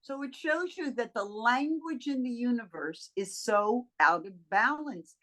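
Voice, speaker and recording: A woman's voice: a little high, expressive, a little slow, a bit bright. A woman co-hosting a casual coaching chat, talking in an emphatic, enthusiastic and playful way. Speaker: co-host.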